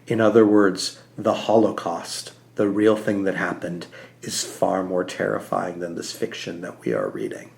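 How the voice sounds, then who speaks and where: Earnest low-voiced podcast man. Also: measured pace, creaky. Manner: earnest, animated, many "like" fillers. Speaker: podcast co-host. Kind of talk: casual podcast discussion.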